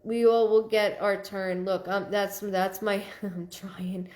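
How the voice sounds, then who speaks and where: Hosting a psychic-medium live stream, a woman speaks in a mid-range, darkish voice with little pitch movement. She names viewers to thank them and relays messages haltingly, as if searching.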